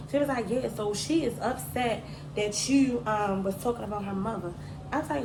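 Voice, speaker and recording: A middle-aged woman with a fairly high voice tells a story in casual, slangy chat and laughs her way through it. The room is echoey and has clear background noise. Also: expressive, fairly quick. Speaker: mother telling a story on a daughter's channel.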